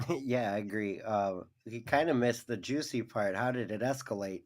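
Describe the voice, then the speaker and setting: A man's voice: fairly low pitch, normal speed. A man co-hosting a casual chat, laughing often and going off on tangents.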